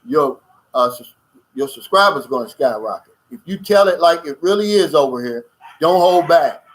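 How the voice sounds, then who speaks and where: A man hosting a casual livestream chat speaks bluntly and emphatically, repeatedly addressing listeners as "man" and pausing to read and answer viewer comments. His voice is slightly higher than average, with lively intonation and normal speed, and the recording quality is rough.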